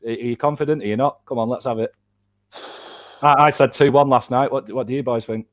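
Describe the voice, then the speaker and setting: A man's voice: medium pitch, fairly even intonation, brisk. A man hosting a casual football watchalong, chatty and upbeat as he speaks to viewers and reads their comments. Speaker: host.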